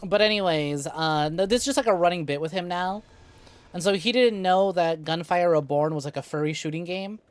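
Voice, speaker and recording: A woman's voice: lowish voice, brisk, dry recording. A woman streaming a co-op game, telling rambling, profane stories to her chat in casual talk. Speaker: VTuber streamer.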